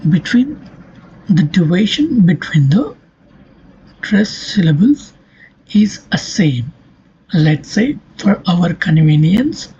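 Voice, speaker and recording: A very husky, breathy lecturer who talks slowly and goes over each point step by step. The tone is dark and mellow. The recording sounds dull and lo-fi. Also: medium pitch. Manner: slow, repetitive, step-by-step explaining. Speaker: linguistics lecturer.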